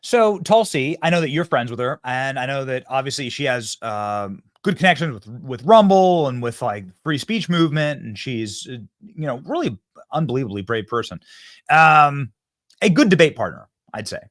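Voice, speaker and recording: A man's voice: medium pitch, sing-song, moderate pace, a bit bright, no room sound, clean studio sound. A man hosting a political talk show, loose and joking, who chuckles between questions. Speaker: host.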